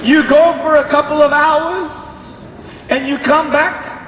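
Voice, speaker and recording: A man voicing an exasperated mother grilling her teenage son, in a shrill, anxious, sing-song way. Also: measured pace, a crowd in the background. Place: large convention hall. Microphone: far camera in the audience. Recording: echoey hall from far off, faint noise.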